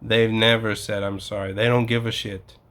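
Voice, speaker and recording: A man's voice: on the low side, little pitch movement, normal speed, fairly bright tone. Exasperated man ranting, swearing freely. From United States. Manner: profane, exasperated storytelling. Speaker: vlogger. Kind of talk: casual ranting vlog.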